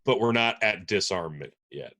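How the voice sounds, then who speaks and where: A man co-hosting a casual podcast, explaining his points in a measured way with the occasional curse. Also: low voice, expressive, sharp tone. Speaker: podcast co-host. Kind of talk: casual political chat.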